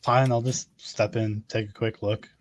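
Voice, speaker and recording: A man's voice: fairly low pitch, flat delivery, moderate pace, slight background noise. A man playing a tabletop game, laid-back and joking. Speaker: player. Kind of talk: casual tabletop play.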